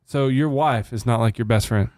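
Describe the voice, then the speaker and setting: A man's voice: medium pitch, normal speed. A man in his thirties tells a story on a casual podcast, his mid-range voice swinging up and down as he acts out what people said. The sound is dry and close, with no room echo. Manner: animated storyteller acting out quotes. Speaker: podcast co-host.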